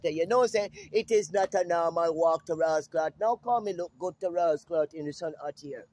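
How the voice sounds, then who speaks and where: Outdoors in the sun, a brash Jamaican-accented man rants profanely in a casual vlog. He repeats himself and suddenly breaks into high-pitched calls. His tone is on the dark side.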